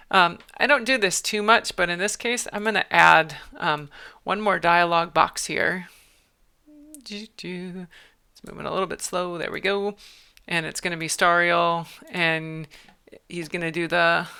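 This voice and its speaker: A woman author chats and thinks aloud on a livestream as she revises her story. Her voice is fairly low, smooth and crisp, and bright. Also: steady tone, a little slow. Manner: chatty, thinks aloud, self-amused. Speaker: author and streamer. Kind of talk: livestream writing commentary.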